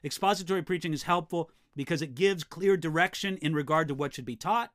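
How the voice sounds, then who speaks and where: A man's voice: a little high, fairly quick, fairly bright tone. A man giving an earnest, direct teaching talk to preachers and Bible teachers, often repeating a word as he starts a sentence. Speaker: preaching instructor.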